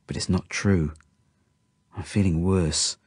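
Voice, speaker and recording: Male storybook narrator, low and husky, dry close read. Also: fairly even intonation, slow pace, darkish tone, no room sound. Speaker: audiobook narrator. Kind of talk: first-person storybook narration.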